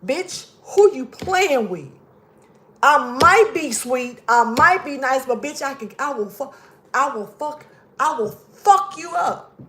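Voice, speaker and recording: Brief: woman doing a sweet-then-savage empress, slow drawled threats, faint room hiss. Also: high voice, animated, sharp tone, heavily acted, low-quality recording. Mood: menacing. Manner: slow, menacing, profane.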